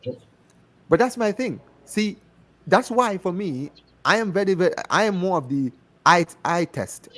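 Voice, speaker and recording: A man's voice: high voice, expressive, moderate pace, fairly bright tone. A man with an African accent, a guest in casual chat, talking passionately and repeating himself for emphasis. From United States. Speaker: guest on a fan show.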